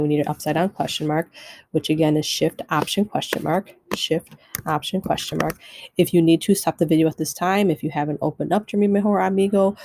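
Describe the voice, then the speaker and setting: A woman's voice: sits low, warm tone, no room sound, poor audio. A woman teacher giving a recorded Spanish lesson, talking students through notes step by step and repeating keyboard shortcuts. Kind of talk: recorded screen-share lesson.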